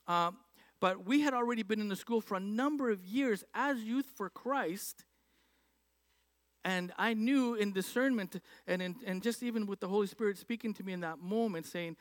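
A man with a high voice preaches to his congregation in a loose, conversational way. He tells stories and jokes. The sound is dry and close. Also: no echo. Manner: conversational storytelling with humor. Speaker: youth ministry pastor. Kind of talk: sermon.

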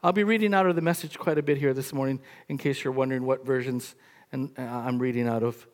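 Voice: medium pitch, steady tone, quick pace, a little mellow. A pastor preaching a sermon in a casual, conversational way, with many "like" fillers and restarts.

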